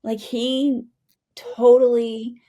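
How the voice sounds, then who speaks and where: A woman's voice: on the high side, flat delivery, drawn-out words, dark tone. A middle-aged woman from the United States, a retired Army pilot, telling her story as a guest and often asking "right?". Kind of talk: storytelling interview.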